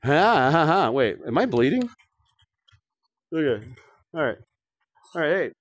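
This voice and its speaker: A man's voice: on the high side, big pitch swings, unhurried, dry recording. A man streaming a virtual reality shooter, rambling and joking with viewers and swearing often. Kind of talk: casual live-stream commentary.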